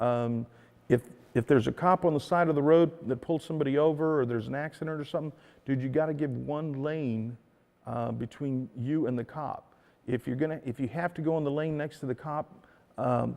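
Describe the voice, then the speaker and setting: Gravelly, rambling man hosting his show. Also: medium pitch, a little mellow. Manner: rambling, filler-heavy, says "dude" often. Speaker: show host. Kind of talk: casual monologue to viewers. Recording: long hall reverb.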